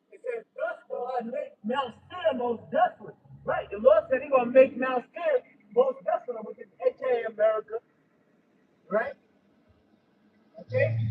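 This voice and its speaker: A man preaching and reading scripture in an emphatic style, often breaking into shouts and tagging his lines with "right?" and "okay?". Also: extremely high pitch. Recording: distant dull lo-fi mic with faint background noise.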